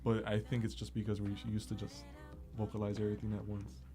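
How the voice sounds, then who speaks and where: A young man on a college radio date show, talking casually and quickly in an easygoing way. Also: lowish voice, monotone, dark tone, soft background music. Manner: easygoing, talks fast. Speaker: dating show guest. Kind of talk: casual chat.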